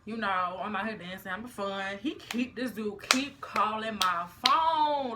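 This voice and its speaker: A young woman telling a story in a casual vlog, animated and full of slang. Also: mid-range voice, measured pace, few pauses, a little hiss or hum. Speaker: vlogger.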